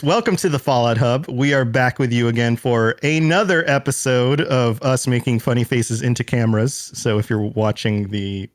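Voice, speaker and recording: A playful male podcast host who giggles easily and lets his pitch swing widely. He talks casually into a close mic with a dry, roomless sound. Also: dry recording. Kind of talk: casual chat.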